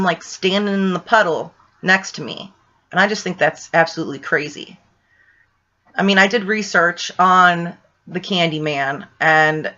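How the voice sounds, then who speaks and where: A woman from Ohio tells a story in a loose, rambling way, leaning on "like" and "right?". Her voice is bright and forward. The recording is a little dull and lo-fi. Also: lowish voice. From Ohio, USA. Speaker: vlogger telling a paranormal story. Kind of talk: casual storytelling.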